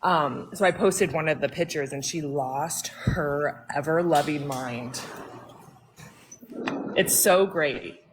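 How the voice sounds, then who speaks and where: A woman with a low-ish voice chats on a livestream. She talks gleefully and swears often, with laughing asides. A faint background noise sits under her voice. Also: slow pace. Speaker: livestream guest. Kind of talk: casual livestream chat.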